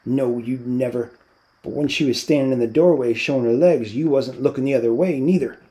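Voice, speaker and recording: A man's voice: medium pitch, fairly quick, warm tone, close to an everyday voice, low-quality recording. A man voicing a tough, brusque itinerant ranch worker who talks bluntly, reading a novel aloud. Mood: gruff. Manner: blunt, clipped.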